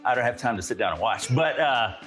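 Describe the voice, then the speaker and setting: A man's voice: mid-range voice, animated, fairly quick, music in the background. A man hosting a streaming roundup show, reading scripted intros and then chatting in an upbeat, storytelling way. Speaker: show host.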